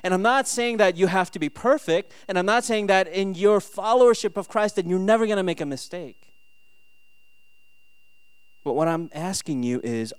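Lively man preaching a story-filled sermon. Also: high-pitched, moderate pace, clear, resonant tone, no echo. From Minnesota. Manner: animated storytelling, acts out his sons' voices, rhetorical questions. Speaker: pastor.

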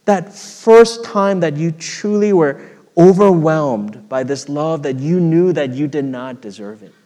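A middle-aged male pastor delivers a heartfelt sermon, telling personal stories in an earnest voice. He swells louder when stirred and drops to a hush when he reflects. His voice rings out with a long reverb, as if filling a large sanctuary. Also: fairly high pitch, a little slow. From United States.

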